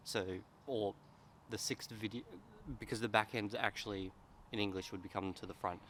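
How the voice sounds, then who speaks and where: A man's voice: lowish voice, fairly even intonation, fairly quick, fairly bright tone, a little hiss or hum. A man talking casually to camera in a vlog, candid and rambling as he thinks aloud. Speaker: language-learning vlogger.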